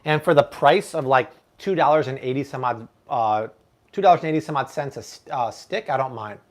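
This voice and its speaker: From his home kitchen, a man hosts a live-stream cooking show, chatting playfully with viewers. He jokes around and puts on mock accents. His voice is medium-pitched and brisk.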